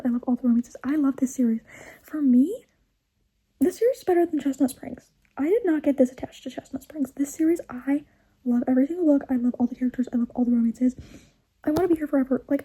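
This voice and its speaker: A young woman chats in a casual reading vlog, gushing about books, laughing often, and now and then dropping to a whisper. Her voice is high-pitched with a dark tone, and the audio is poor.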